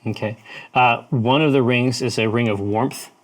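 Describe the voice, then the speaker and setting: A man running a tabletop game, describing items in a measured way with small restarts. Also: mid-range voice, fairly even intonation. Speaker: game master.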